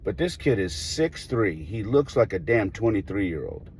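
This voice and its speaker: A man, a baseball coach, telling a story in a casual podcast chat, animated and acting out the people in it. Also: lowish voice, a little slow, a little hiss or hum. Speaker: high school baseball coach.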